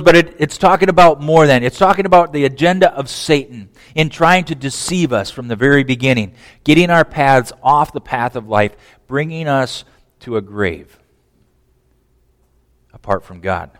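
Animated male preacher, higher-pitched voice, long church reverb. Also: moderate pace. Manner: animated, repeats words, asks the audience questions. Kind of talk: sermon.

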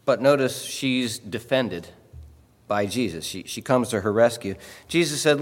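A man preaching a sermon in a conversational way, often pausing to ask "okay?" and repeating words as he explains. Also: on the low side. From Illinois. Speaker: pastor. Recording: long hall reverb.

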